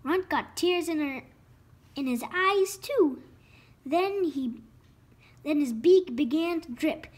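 A woman reading a children's picture book aloud, expressive and slow. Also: high-pitched. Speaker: storyteller. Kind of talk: children's story read-aloud.

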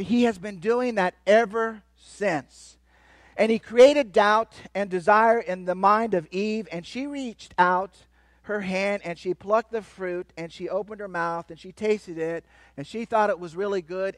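A man giving a lively, playful sermon as a guest speaker, joking with the crowd and swinging between loud and soft. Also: high-pitched, dry recording. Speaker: guest speaker at a church kids' event. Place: church hall.

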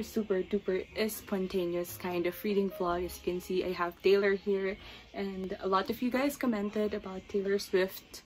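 A young Filipino woman in her twenties talks straight to the camera in a casual, gushing way, emotional and at times teary. Her pitch sits in a middle range for a woman. Soft music plays faintly behind her. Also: poor audio. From Philippines. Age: 20s. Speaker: book vlogger. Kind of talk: casual chat.

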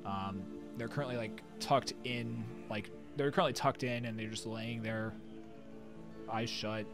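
A man's voice: mid-range voice, fairly even intonation, a little slow. A man narrating as game master for a tabletop game, rambling with many fillers and restarts. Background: background music.

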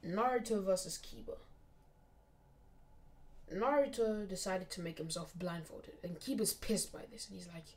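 A woman's voice: mid-range voice, normal speed, pauses often. Casual woman narrating, drifting to whispers. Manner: casual, often drops to a near whisper. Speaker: storyteller. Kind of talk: fan story narration.

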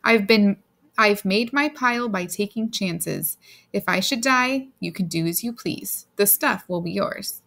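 A woman's voice: mid-range voice, unhurried, gravelly, a bit bright. A woman reading the part of a ruthless, smug businessman husband, speaking coldly and harshly with a gloating edge.

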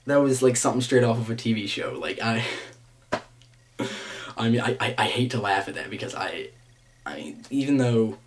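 A man's voice: mid-range voice, a little mellow. A man giving casual reaction commentary on a show, rambling and hesitant, with many restarts, fillers and frequent laughs. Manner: laughs often. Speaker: vlogger reviewing a reality show episode.

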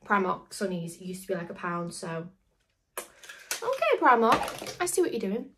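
Animated and a bit bright, with a lowish voice at normal speed, a young vlogger rambles to her camera using lots of "like" and "literally." She's outdoors walking her dog, then at home indoors, and a slight hiss or hum is audible.

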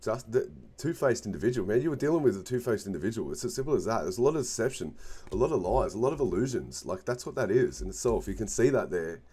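A man's voice: fairly low pitch, sing-song, fast talker, a little mellow, slightly rough. A man giving a casual tarot card reading, emphatic and constantly checking in with the listener. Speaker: tarot reader.

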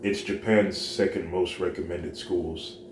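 A man's voice: sits low, fairly even intonation, measured pace. A man reading the lines of an encouraging adult male hero mentor, in an earnest, consoling way. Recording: roomy home recording with noise.

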